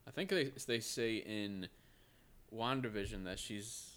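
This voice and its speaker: A man co-hosting a podcast in casual chat, talking in an animated, excitable way. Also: on the low side, unhurried, smooth. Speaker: podcast co-host.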